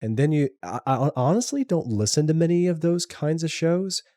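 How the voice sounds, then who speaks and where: A man's voice: on the high side, lively intonation, normal speed, mellow, no room sound, studio quality. A middle-aged man co-hosting a podcast, chatting casually and often restarting his sentences. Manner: trips over words, many restarts. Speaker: podcast co-host and editor. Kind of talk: casual chat.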